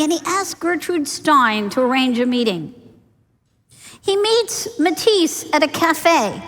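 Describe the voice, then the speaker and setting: A woman with a high voice gives a keynote to a business conference, telling stories and leaning on key words. The long reverb of a large hall trails after her lines. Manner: storytelling with rhetorical questions and emphasis. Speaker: keynote speaker.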